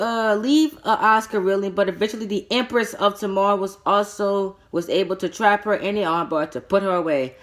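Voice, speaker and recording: A man's voice: on the high side, fairly bright tone. A man giving a casual spoken show review, rambling with frequent stammered restarts and repeated words, and breaking into exasperated mini-rants.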